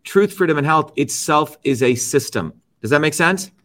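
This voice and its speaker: As an interview guest, a middle-aged man makes his case emphatically in argumentative talk, repeating his key phrases. He speaks in a fairly high, slightly bright voice with lively intonation and a moderate pace. Now and then he checks in with "okay?" and "right?".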